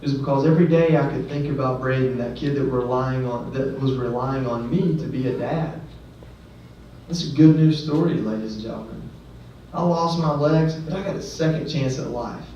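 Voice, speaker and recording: A man speaks to a gathered audience in a plain, mid-pitched voice, earnest and conversational, with a few self-deprecating asides. His voice is caught from a distance in a very echoey hall, and the sound is dull, with faint noise behind it. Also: normal speed, dark tone. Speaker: guest speaker. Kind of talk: personal story speech. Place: ceremony venue.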